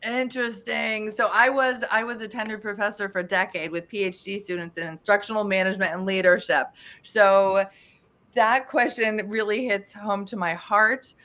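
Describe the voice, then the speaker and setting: A woman's voice: mid-range voice, steady tone, normal speed, pushed and bright. A woman speaking as a guest in a podcast interview, talkative and emphatic with frequent restarts. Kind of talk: casual interview chat.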